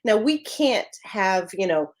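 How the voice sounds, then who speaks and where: Woman, middle-aged, business coach, motivational talk, emphatic, casual, mid-pitched. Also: takes it slowly. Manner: energetic, emphatic, casual with mild swearing.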